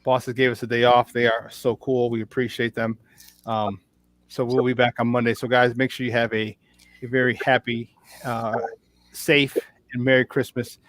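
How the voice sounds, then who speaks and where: Upbeat talk host with a dry sound. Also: male voice, mid-range voice, little pitch movement, moderate pace, fairly bright tone, no echo. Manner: upbeat, laughs often, many fillers and restarts. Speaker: sports talk show host. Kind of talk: casual on-air chat. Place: remote virtual studio.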